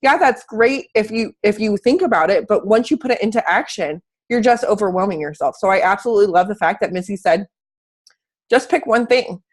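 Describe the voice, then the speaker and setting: A woman's voice: mid-range voice, lively intonation, quick pace, hardly any pauses. A woman hosting a casual live video call, talking in an emphatic, motivational way with blunt, mildly profane asides. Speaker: host of a coaching live video. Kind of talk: casual live-stream chat.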